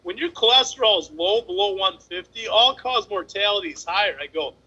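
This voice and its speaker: High-pitched, emphatic ranting man. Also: expressive, brisk, bright, forceful tone, slightly rough, lo-fi sound. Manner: emphatic, ranting, mildly crude. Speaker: bodybuilder guest. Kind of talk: casual podcast chat.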